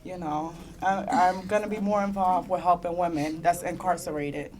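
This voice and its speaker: This young woman's voice is fairly low and darkish, moving at a moderate pace with fairly even intonation. Speaking on a conference panel in a meeting room, she shares her story earnestly, often near tears, with occasional bursts of rueful laughter.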